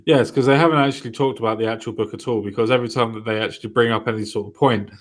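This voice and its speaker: A man's voice: medium pitch, fairly even intonation, racing. Casual man hosting a talk podcast. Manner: conversational, mocking quotes. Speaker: podcast host. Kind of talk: casual political chat.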